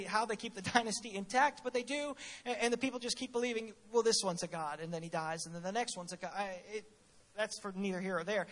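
A man preaching a sermon, telling stories in an animated, humorous way and often repeating words at the start of his phrases. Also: high voice. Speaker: pastor.

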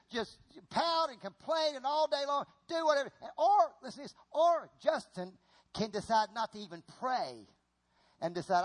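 A middle-aged man preaching a sermon in an animated, folksy way, often repeating himself as he acts out an example on stage. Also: sits high.

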